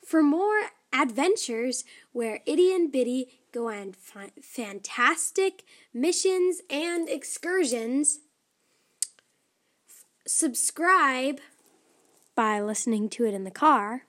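A woman reading a children's story aloud, soft and often close to a whisper. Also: high-pitched, expressive, slow pace.

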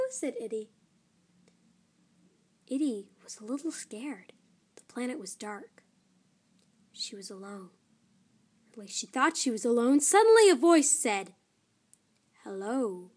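A woman reading a children's story aloud, soft and often close to a whisper. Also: a little high, breathy edge.

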